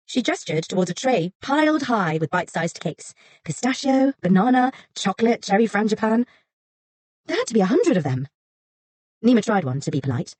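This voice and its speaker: A woman reading an audiobook as narrator, in a measured, softly breathy way. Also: medium pitch, very animated, dry recording. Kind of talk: scripted narration.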